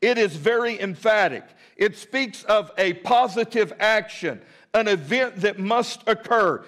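A man preaching a sermon as pastor, telling a folksy story and repeating key words for emphasis, slowing down on important lines and talking straight to his congregation. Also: high voice, animated, a bit bright. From United States. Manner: folksy, talks to the congregation directly.

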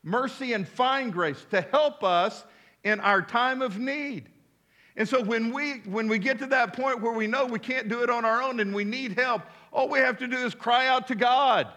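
A man's voice: very high voice, normal speed, bright, forceful tone. A man preaching a sermon as pastor, emphatic, with call-and-response to his congregation and casual asides. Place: church.

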